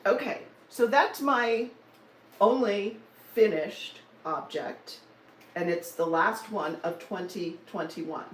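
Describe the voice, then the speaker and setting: Laughing often, a cross-stitch vlogger in her sixties teases and chats casually during a live stream from her Denver home. She speaks slowly in a mid-range voice, picked up by a roomy, somewhat distant mic with faint ambience.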